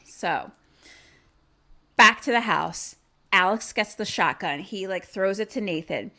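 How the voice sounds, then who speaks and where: A woman's voice: mid-range voice, expressive, unhurried, pushed and bright. A woman podcast host casually recapping a horror film, swearing freely and acting out the scenes.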